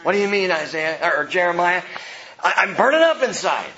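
A male pastor works through a sermon verse by verse, preaching with emphasis as his voice swings between soft and loud. His voice is high-pitched, sing-song and fairly quick, in a muffled recording.

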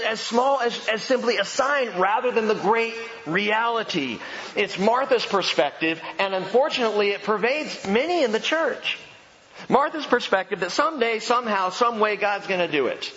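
Male pastor, high and lively, sermon in an echoey hall. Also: highs cut off, a little hiss or hum. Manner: animated, emphatic preaching with rhetorical questions.

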